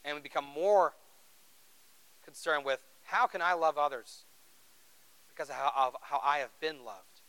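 A man's voice: a little high, measured pace, pauses often, fairly bright tone, clear, resonant tone, poor audio. A man preaching a sermon in an earnest, conversational way, asking the congregation rhetorical questions. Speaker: pastor.

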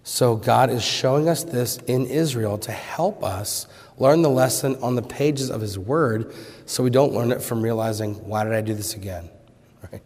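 A man delivers a sermon in a mid-pitched voice, pressing his listeners with loud rhetorical questions before dropping to hushed, urgent pleas. His voice trails off into the long reverb of a large church hall. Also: moderate pace. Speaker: pastor.

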